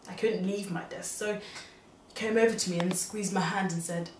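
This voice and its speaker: A young woman telling a dramatic story to her mother, confiding and animated, swinging between hushed and exclaiming. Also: lowish voice, normal speed, slight background noise. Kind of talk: dramatic monologue. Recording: echoey room, distant mic.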